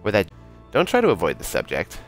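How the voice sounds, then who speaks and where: A man's voice: deep voice, wildly swooping pitch, a little fast, faint music behind, exaggerated voice. A man voicing a sneering, menacing man who taunts the hero in a game read-through. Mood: taunting. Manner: snide and taunting.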